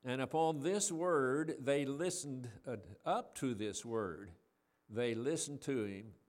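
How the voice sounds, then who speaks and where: A man's voice: medium pitch, slow, a little mellow. A man giving a sermon, reading scripture and explaining it in a conversational way, asking the listeners questions and raising his voice for quoted lines. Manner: conversational, asks the audience questions; reads scripture quotes in a raised voice. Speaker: preacher.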